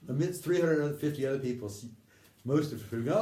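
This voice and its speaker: A man's voice: mid-range voice, warm tone. Man telling stories, distant and roomy. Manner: halting, restarts, acts out quoted voices, drops to near whisper. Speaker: storyteller recounting memories. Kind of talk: conversational anecdote telling. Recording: distant roomy recording with faint ambience.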